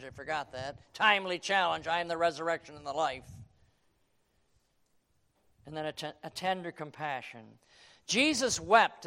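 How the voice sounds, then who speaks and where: Male preacher with a high voice. Dramatic sermon, hushed to shouting, reads King James verses. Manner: quotes King James scripture.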